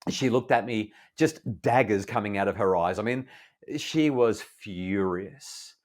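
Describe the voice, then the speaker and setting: A middle-aged Australian man, a parenting expert, calmly and earnestly telling a family story in an interview. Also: fairly low pitch. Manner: calm, earnest, measured retelling.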